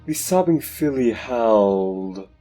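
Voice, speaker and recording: A man narrating a horror story slowly and dramatically. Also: medium pitch, lively intonation, warm tone, soft background music. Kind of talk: dark horror story reading.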